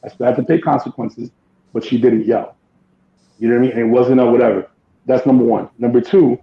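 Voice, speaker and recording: A man talks through a casual podcast chat in a blunt, emphatic way, swearing freely as he makes his points. His voice sits at an ordinary pitch for a man. The recording bounces around an echoey room and sounds a little dull. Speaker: podcast co-host.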